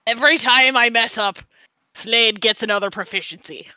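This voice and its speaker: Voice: medium pitch, normal speed, sharp tone, clean tone, no room sound, rough recording. A podcast co-host and game master chatting casually, laughing often and talking in a playful pirate voice.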